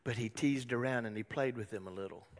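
A male pastor telling a story in a sermon, swinging dramatically from loud to a hushed whisper. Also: mid-range voice, fairly quick, long reverb tail.

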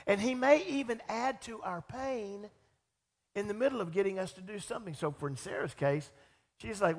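A middle-aged man preaching a sermon as pastor, animated and acting out the voices of people he quotes. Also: sits high, moderate pace. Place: church sanctuary. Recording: long church reverb.

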